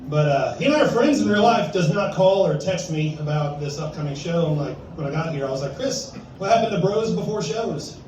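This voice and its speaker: Self-deprecating comic in an echoey room. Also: male voice, a little high, a little fast, few pauses, a little mellow, slight background noise. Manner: self-deprecating, chuckles at his own jokes. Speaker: stand-up comic at an open mic. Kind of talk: stand-up comedy set. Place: bar-restaurant room at an open mic. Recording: echoey room, distant and dull.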